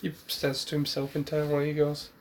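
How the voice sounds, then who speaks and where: A man's voice: a little high, monotone, fairly quick, slight background noise. A man casually retelling a fan-made story, rambling with restarts and asides.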